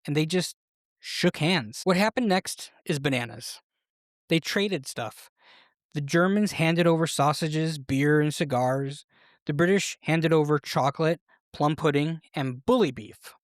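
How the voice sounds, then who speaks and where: A podcast host tells history in a playful, animated storytelling style, speaking at a middle pitch and taking an unhurried pace. The recording is dry and close with no room echo, and the delivery sounds scripted yet lively.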